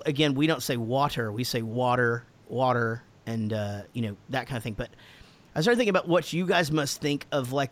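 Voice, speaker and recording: This American man has a medium-pitched, fairly bright voice. He fields fan questions on a laid-back podcast, laughing plenty, cursing, and rambling as he restarts his thoughts.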